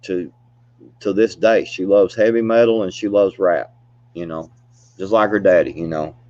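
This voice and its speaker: A man's voice: sits low, fairly even intonation, moderate pace, darkish tone. A man telling stories in a casual chat, laid-back and rambling, laughing often and filling gaps with "you know". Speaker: storyteller. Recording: dull, dry lo-fi recording.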